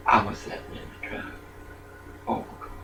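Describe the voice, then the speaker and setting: An older man in a rambling personal monologue, jumping between thoughts and swinging from muttering to loud outbursts. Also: moderate pace, slight background noise, low-quality recording.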